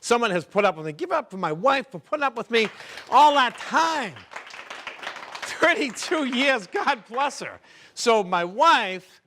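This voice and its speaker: A man's voice: very high-pitched, sing-song, a little slow, bright, forceful tone, a faint crowd, a little hiss or hum. A middle-aged man doing a stand-up set, chatty and teasing the audience. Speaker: stand-up comedian. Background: audience laughter.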